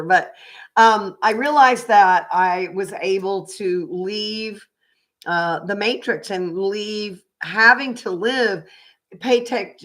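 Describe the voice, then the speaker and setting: A woman's voice: medium pitch, fairly bright tone. An older woman from Oklahoma, a psychic reader chatting casually on a livestream, rambling with fillers and restarts.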